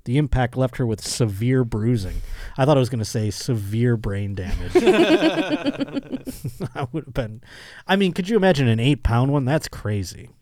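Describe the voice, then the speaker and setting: A male podcast host reads a news story and keeps breaking off to joke about it, laughing along the way. His voice is warm and relaxed, in a mid-range pitch. The sound is dry and close. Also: normal speed, dry recording. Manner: joking, riffs on the article, laughs often. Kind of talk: casual comedic chat, reading news aloud.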